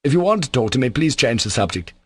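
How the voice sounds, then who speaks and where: A man voicing a bitter, sardonic young man in an audiobook, sharp and contemptuous in tone. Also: mid-range voice, big pitch swings, quick pace, husky, no echo, voice pushed up. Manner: sharp, contemptuous, scornful delivery. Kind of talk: audiobook character voice.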